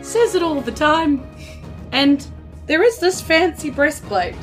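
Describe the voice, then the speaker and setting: A woman's voice: high voice, animated, takes it slowly, faint music behind. A woman playing in a tabletop game, chatting casually and laughing often. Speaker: player.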